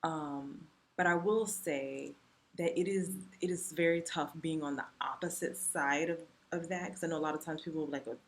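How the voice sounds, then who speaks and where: A woman with a low-pitched voice tells a personal story to her vlog camera. She talks casually and animatedly, leaning on "you know" and "like" as she goes. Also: normal speed. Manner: chatty, animated retelling full of "you know" and "like". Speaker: vlogger.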